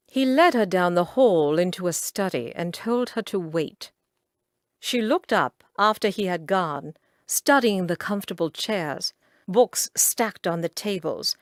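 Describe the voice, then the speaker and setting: Reading scripted romance narration for an audiobook, this woman performs with drama and expression, her pitch ranging broadly while her pace stays unhurried. The sound is close-miked, with no room sound at all.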